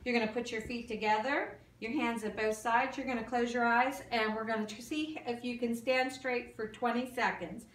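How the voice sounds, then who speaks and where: A woman's voice: a little high, steady tone, normal speed, hardly any pauses. Woman giving step-by-step exam instructions. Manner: instructive, step-by-step, stumbles on medical terms. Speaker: nursing student performing an exam. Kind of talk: demonstration of a clinical exam. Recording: echoey room, mic far off.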